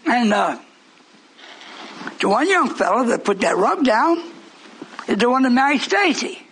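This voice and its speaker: A man preaching a fiery sermon, scolding and shouting, answering a congregation in call-and-response. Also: very high-pitched, big pitch swings, measured pace, rough recording.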